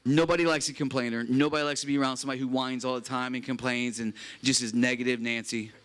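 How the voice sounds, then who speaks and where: A pastor giving an earnest, emphatic sermon at a retreat chapel, reading scripture aloud and repeating key phrases. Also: male voice, mid-range voice, level tone, fast, a bit bright, a little hiss or hum.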